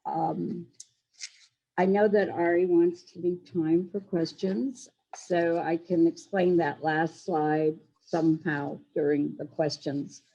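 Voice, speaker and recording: An older woman, a Holocaust educator, giving measured, earnest testimony over a laptop microphone from a friend's apartment. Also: on the low side, steady tone, vocal fry, warm tone, highs cut off. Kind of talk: prepared testimony talk.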